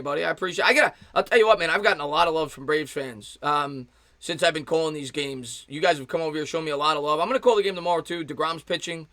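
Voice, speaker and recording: Man in his thirties, fan-streamer play-by-play caller, bright and close-miked, chatty between pitches. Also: no echo. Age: 30s. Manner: excited fan calling pitches, thanks chat viewers. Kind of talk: live play-by-play commentary with chat replies.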